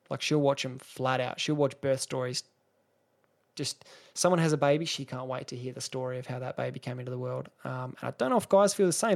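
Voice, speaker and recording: A man's voice: mid-range voice, vocal fry, a little mellow. Rambling Australian guy ranting on a podcast. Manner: rambling, sarcastic, swears freely, many restarts. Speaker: podcast host. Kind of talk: casual solo podcast rant.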